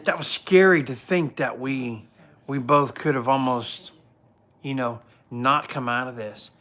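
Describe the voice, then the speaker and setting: A man's voice: medium pitch, measured pace, bright, forceful tone. A man in his forties, a police officer hosting a casual livestream from home, telling earnest, rambling stories full of restarts. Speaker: police officer and show host.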